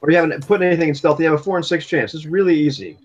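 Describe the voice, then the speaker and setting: A man runs a tabletop game as game master, narrating scenes and explaining rules. He rambles and restarts his sentences often, in a slightly high voice. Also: lively intonation, racing, dull audio.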